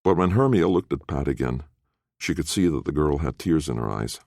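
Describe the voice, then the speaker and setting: A man narrates a fantasy audiobook with expressive, storytelling delivery. His voice sits very low yet moves with lively pitch swings. The recording is dry, with no room sound. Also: a little fast, vocal fry, dry recording. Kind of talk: scripted narration.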